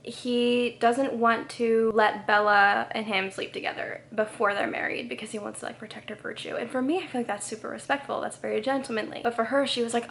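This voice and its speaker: Chatty young woman with a higher voice. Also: a little fast, gravelly, hardly any pauses, a little hiss or hum. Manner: chatty and animated, acts out characters in exaggerated voices. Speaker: book vlogger. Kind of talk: casual reading vlog chat. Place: home, with a pet cat nearby.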